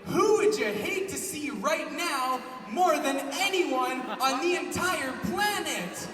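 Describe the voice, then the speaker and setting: A man's voice: extremely high pitch, lively intonation, takes it slowly, faint music behind, pitched above the performer's own voice, exaggerated voice. A man doing a teasing crowd-hyping host. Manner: loud, teasing announcer delivery. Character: mischievous male event host riling up a crowd. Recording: echoey hall recorded from far off with crowd noise.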